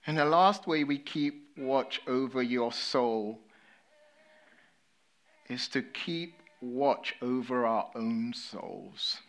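A man from England with an English accent, a pastor delivering a sermon. He tells stories with energy, then drops to hushed, sober emphasis. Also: medium pitch, slow. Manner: storytelling, swinging between lively and hushed, sober.

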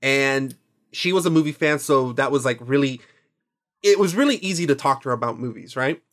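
A man's voice: mid-range voice, lively intonation, fairly quick, a bit bright. A man co-hosting a movie podcast in casual chat, rambling, playful and self-mocking. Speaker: podcast co-host.

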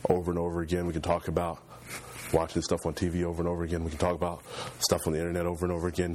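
A man preaching a sermon, building repetitive points with fervor and pushing his voice higher as he gets passionate. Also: darkish tone, a little hiss or hum. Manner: impassioned, voice climbs high when fervent.

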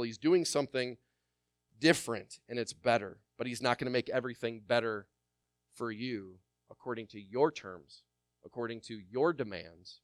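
A man preaching a sermon who hammers home his points through repetition and then drops to hushed, personal asides. His voice is smooth and resonant, and it sits in the middle of the range. The sound is close and dry, with no room echo. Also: mid-range voice, moderate pace. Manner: swings from loud emphatic repetition to quiet intimate asides. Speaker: pastor.

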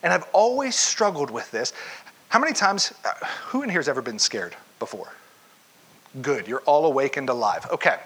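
A man preaching a sermon as pastor, telling a story with animated energy and putting questions straight to his congregation. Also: fairly high pitch, normal speed, breathy edge.

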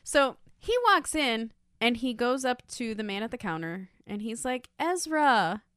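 A woman's voice: a little high, normal speed, clean tone, no room sound, studio quality. A woman co-hosting a casual podcast, recapping a TV show, swearing freely and acting out the characters' lines. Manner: animated, swears a lot, acts out characters' lines. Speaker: podcast co-host.

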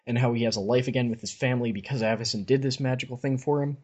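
Husky man recapping stories. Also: medium pitch, fairly even intonation, very fast, darkish tone. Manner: chatty retelling, reads passages aloud. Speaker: podcast host. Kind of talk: casual story recap.

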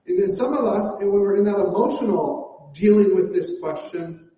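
A man's voice: sits high, normal speed, dark tone. A man preaching a conversational sermon as pastor, with frequent fillers and restarts. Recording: echoey church hall.

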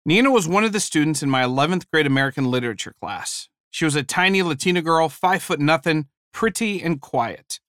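A man preaching a sermon, telling a story from his teaching days with animated, humorous delivery. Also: on the high side, brisk, hardly any pauses, clean tone, no room sound, clean studio sound. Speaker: preacher and former high school teacher.

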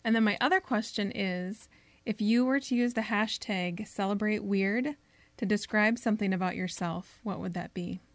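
A woman's voice: medium pitch, moderate pace, no echo. A woman hosting a podcast, affirming her guest with frequent mm-hmms in casual chat. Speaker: podcast host. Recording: dry close mic with faint music.

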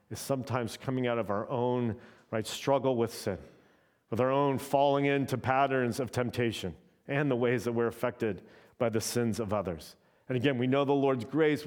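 A man's voice: mid-range voice, darkish tone. Conversational male preacher, "right?" asides. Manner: conversational, often adds "right?". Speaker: pastor. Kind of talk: sermon.

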